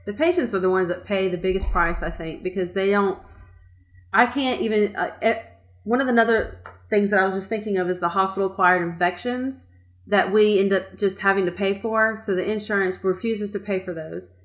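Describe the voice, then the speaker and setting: Exasperated nurse in casual chat. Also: female voice, mid-range voice, a little fast. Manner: conversational, agreeing, quietly exasperated.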